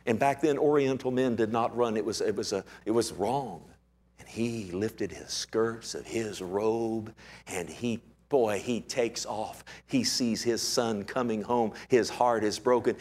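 Dramatic male preacher. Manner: dramatic, acts out quotes with big swings in pitch and loudness. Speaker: pastor. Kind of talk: sermon.

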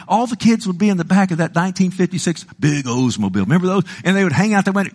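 An older man preaching a sermon, repeating phrases and swinging between hushed, slow passages and loud, emphatic ones. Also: high-pitched, lively intonation.

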